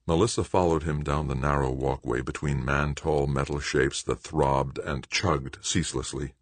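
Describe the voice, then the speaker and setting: A man with a very deep, husky voice reads an audiobook in a steady, measured way. The recording is close and completely dry, with no room sound. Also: no echo. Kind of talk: audiobook narration.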